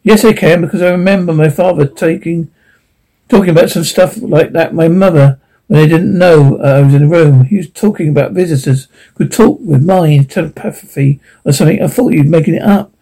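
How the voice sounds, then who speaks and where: A man's voice: on the high side, a little fast, dark tone, rough recording. A man voicing a frightened, sulky young boy who blusters and exclaims in a read-aloud story. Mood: alarmed.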